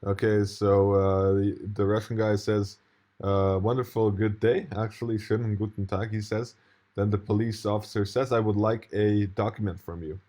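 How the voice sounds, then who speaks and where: A man's voice: fairly low pitch, little pitch movement, moderate pace, mellow. A man commenting casually on a video he plays, indignant and rambling, swearing now and then. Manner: indignant, rambling, profane, with restarts and laughs.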